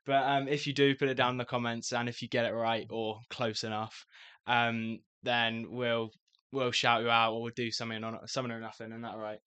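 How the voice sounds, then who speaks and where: A man's voice: medium pitch, flat delivery, a little fast, bright, forceful tone, smooth, no room sound. A young man hosting a casual podcast, teasing and upbeat. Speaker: podcast host.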